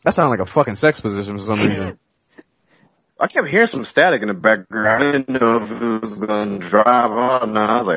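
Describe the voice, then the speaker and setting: Sex: man. Delivery: fast, animated podcast chat. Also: fairly low pitch, no echo, muffled recording. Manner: animated, profane, laughs often. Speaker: podcast co-host.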